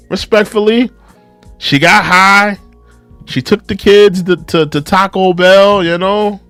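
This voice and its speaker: Animated young man asking rhetorical questions. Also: high-pitched, no echo. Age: young adult. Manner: animated, repeats rhetorical questions, reads viewer comments aloud. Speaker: reaction video host. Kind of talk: casual live commentary.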